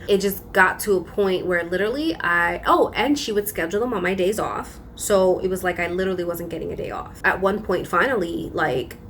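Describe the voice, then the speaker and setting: A young woman vlogger telling a personal story in a casual, animated, emphatic way. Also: lowish voice, a little hiss or hum. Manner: animated, emphatic retelling with frequent laughs.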